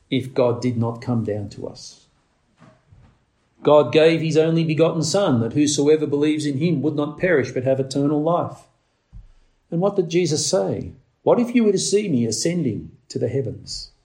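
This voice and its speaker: A man preaching a sermon, leaning on words slowly for emphasis and climbing to urgent, raised passages. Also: a little mellow. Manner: preaching with slow emphatic stresses, rising to urgent highs.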